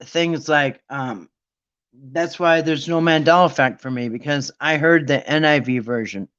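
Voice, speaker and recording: A man's voice: on the high side, normal speed, a bit bright, clean tone, lo-fi sound. A man hosting a Bible study talk, ranting with sarcasm in a rambling, casual monologue.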